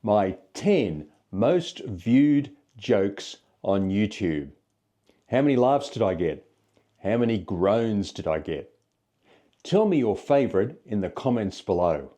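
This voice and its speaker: A man's voice: lowish voice, takes it slowly. A man in his sixties with an Australian accent, telling dad jokes and chuckling at them. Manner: chuckles at own jokes, animated delivery. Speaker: joke teller. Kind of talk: recorded dad-joke telling.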